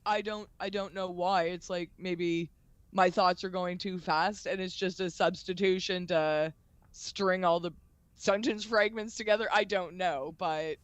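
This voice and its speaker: High smooth-voiced guy rambling, says like a lot, dry close sound. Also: fairly even intonation, a little slow, a bit bright, dry recording. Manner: rambling, says "like" often, self-deprecating. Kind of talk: casual chat.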